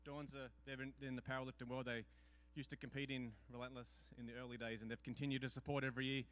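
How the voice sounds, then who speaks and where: A man's voice: mid-range voice, little pitch movement, fast talker, fairly bright tone, clean tone. A man hosting an event, making loose, chatty announcements from the stage. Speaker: event host.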